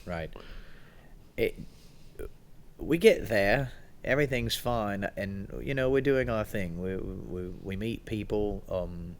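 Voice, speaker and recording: A man's voice: on the low side, takes it slowly. A man co-hosting a casual podcast chat, a rambling storyteller who laughs often and acts out quotes. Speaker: podcast co-host.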